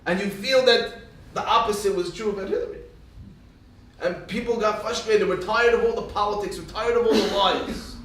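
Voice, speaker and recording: A man's voice: high-pitched, moderate pace, fairly bright tone. A man giving a religious talk, telling funny stories and acting out the dialogue. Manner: jokey storyteller acting out dialogue. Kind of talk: storytelling Torah talk. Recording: echoey room, voice from far off.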